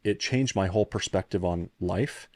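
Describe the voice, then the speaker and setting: Speaking at normal speed, the thirty-something podcast guest has a low, darkish voice, recorded at studio quality with no room sound. A founder now coaching CEOs, he recounts a personal story with earnest reflection and frequent restarts when moved.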